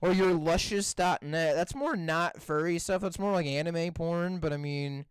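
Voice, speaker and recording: A man's voice: on the high side, clean tone, dry recording. A young man co-hosting a podcast, swearing a lot and sounding exasperated in crude casual banter. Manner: profane, exasperated, spells words out slowly. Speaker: podcast co-host.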